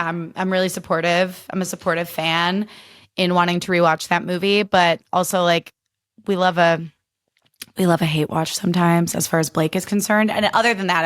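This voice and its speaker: A woman's voice: fairly low pitch, fairly bright tone. Woman, mid-thirties, from Illinois, solo podcast host, chatty and emphatic, heavy on fillers and profanity. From Illinois, USA. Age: 30s. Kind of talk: casual solo podcast chat.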